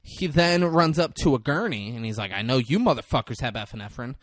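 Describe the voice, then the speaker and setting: A man on a podcast casually recapping a movie plot, jumping into loud, high voices when he quotes the characters. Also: brisk, dry recording, studio quality. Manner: animated retelling, acting out characters in quotes. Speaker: podcast co-host.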